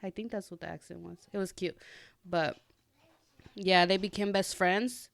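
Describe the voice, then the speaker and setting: A young adult woman hosting a podcast, telling a story in a loose, animated ramble with lots of fillers. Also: fairly low pitch, normal speed, gravelly, no echo. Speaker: podcast host. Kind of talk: casual chat.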